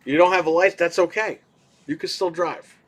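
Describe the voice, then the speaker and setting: A man co-hosting a casual podcast, telling a story in an animated way, swearing casually and acting out what people said. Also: a little high, moderate pace, breathy edge. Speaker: podcast co-host.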